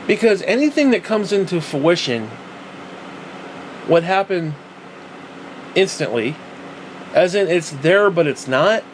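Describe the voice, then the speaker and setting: A man's voice: high-pitched, big pitch swings, slow, pauses often, slight background noise. Profane, ranting man with a raised voice. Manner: profane, rambling, sarcastic. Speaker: vlogger. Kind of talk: ranting monologue.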